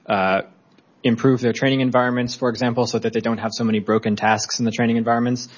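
Male hearing witness, direct manner, mid pitch, dull lo-fi sound. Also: flat delivery, fast. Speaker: expert witness. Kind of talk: hearing testimony.

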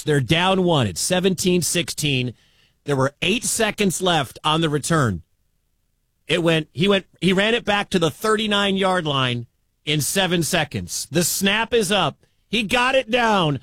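A man hosting live sports radio, calling a game play by play and shouting at big moments. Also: high voice, no room sound. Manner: excitable, shouts at big plays.

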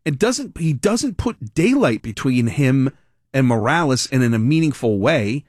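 A man hosting a political talk radio show, giving animated, rambling, sarcastic commentary. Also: mid-range voice, a little slow, no echo, clean studio sound.

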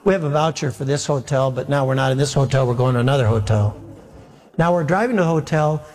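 A man's voice: medium pitch, fast talker. A man preaching as a pastor, telling a long story with humor and acting out the dialogue himself. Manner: animated, self-mocking storyteller acting out dialogue. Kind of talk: sermon storytelling. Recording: long hall reverb.

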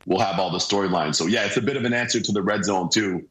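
Hoarse low-voiced man on a roomy remote feed. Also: fast talker. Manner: energetic, repeats phrases for emphasis. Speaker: guest hockey analyst. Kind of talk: casual sports talk. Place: remote room, joining by video. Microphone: video call.

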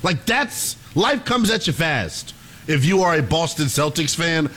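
A man co-hosting a sports radio talk show, animated and quick with a ready laugh. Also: on the high side. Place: radio studio.

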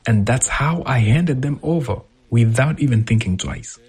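Man, very husky voice, translation voice-over, lively animated pitch, storytelling. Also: normal speed. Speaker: voice-over interpreter. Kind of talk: reading a translation as a first-person voice-over.

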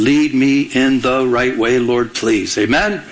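A man preaching a sermon in a conversational way, often pausing for the congregation to fill in words. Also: mid-range voice, slight background noise, poor audio. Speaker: pastor.

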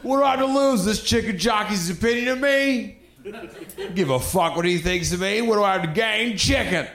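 A man with a slightly high voice ranting through a profane stand-up bit. The room rings with echo and a crowd laughs along. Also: brisk. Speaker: stand-up comedian. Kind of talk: stand-up set. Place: comedy club stage. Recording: echoey club with crowd laughter.

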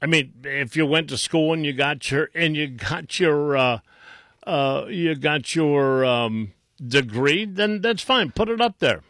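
A male talk radio host in a dead-dry studio, speaking slowly and deliberately. His pitch sits a little high for a man, and his tone is scornful and mocking, full of stops and restarts. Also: fairly bright tone, dry recording. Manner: mocking, sarcastic, with many restarts. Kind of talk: combative talk radio commentary.

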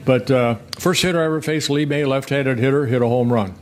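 Older man, ex-pitcher guest, rambling storyteller with chuckles, slight background hiss. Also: fairly quick. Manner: rambling, self-correcting, chuckling anecdotes. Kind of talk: casual interview storytelling.

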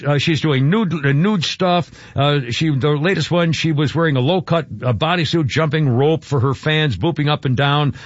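A man's voice: fairly high pitch, no echo. An older man hosting a talk radio show, rambling and agitated, with many fillers and restarts. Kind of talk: opinionated talk radio commentary. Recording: dull radio broadcast sound.

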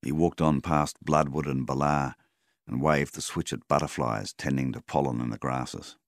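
A man narrating a novel in a measured, unhurried way. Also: rumbling low, steady tone, no room sound, studio quality. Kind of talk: audiobook narration.

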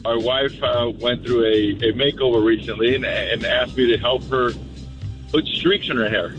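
A man's voice: mid-range voice, normal speed, a bit bright, highs cut off, faint music behind. A man who works as a mortician, calling a radio show and telling a story earnestly. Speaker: caller, mortician. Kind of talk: call-in radio chat.

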